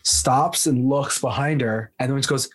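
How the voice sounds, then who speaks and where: A man's voice: mid-range voice, normal speed. Guy cohosting a podcast, laid back chat, does little voices when he tells a story. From northeastern United States. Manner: animated storyteller, acts out quotes. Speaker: podcast co-host. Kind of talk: casual chat.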